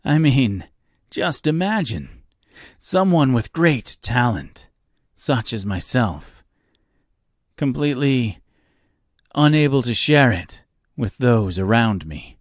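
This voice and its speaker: A man's voice: mid-range voice, sing-song, slow, pauses often, no room sound, clean studio sound. A man voicing a boastful, lonely male storyteller who plays host with grand, theatrical airs, for an audiobook reading.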